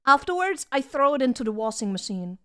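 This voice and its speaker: A bubbly young woman with a high, bright voice chats casually on a live stream, giggling often and reacting to her viewers. She sits at her home desk and talks straight into a desk mic. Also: sing-song, fairly quick, clean tone. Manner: bubbly, giggly, reads chat aloud. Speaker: vtuber streamer.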